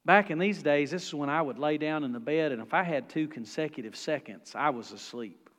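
A male pastor, preaching a sermon in a folksy, animated storytelling manner. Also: fairly high pitch, brisk, long reverb tail.

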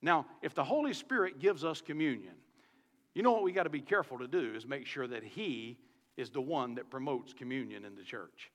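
A Southern US pastor preaches his sermon on a microphone in the church sanctuary, speaking conversationally to the congregation with plenty of rhetorical questions. His medium-pitched voice is lively and fairly quick, fairly bright in tone, with a long reverb tail.

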